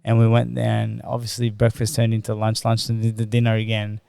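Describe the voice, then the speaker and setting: Gravelly, steady Australian man. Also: lowish voice, a little fast. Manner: retells conversations in quoted dialogue, loose and conversational. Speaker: podcast guest, former boxer. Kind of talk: emotional personal storytelling.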